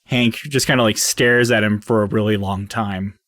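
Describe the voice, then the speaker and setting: A man's voice: on the low side, steady tone, normal speed, a bit bright, no room sound, studio quality. Loose, rambling man running a tabletop game. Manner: rambling, loose, many fillers and restarts, laughs often. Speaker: game master. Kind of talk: narrating and voicing characters in a tabletop game.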